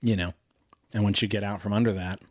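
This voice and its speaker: A man's voice: lowish voice, steady tone, quick pace, no room sound, clean studio sound. A man co-hosting a podcast, retelling a film in a casual, rambling way, with lots of "you know" and "like". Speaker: podcast co-host.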